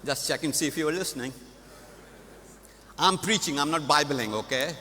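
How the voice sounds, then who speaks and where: Guy preaching at a conference, lively storyteller, bright sharp voice, big reverb. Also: a little high, normal speed. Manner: animated storyteller, laughs at his own story. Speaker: conference speaker. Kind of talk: storytelling sermon. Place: large conference hall. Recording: echoey hall.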